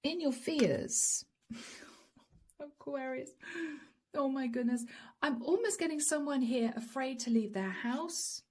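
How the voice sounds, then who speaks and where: Breathy, mellow-voiced woman reading tarot. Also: high-pitched, takes it slowly, pauses often. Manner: chatty, direct, keeps addressing the viewer by star sign. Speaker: psychic tarot reader. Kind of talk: casual channeled reading to camera.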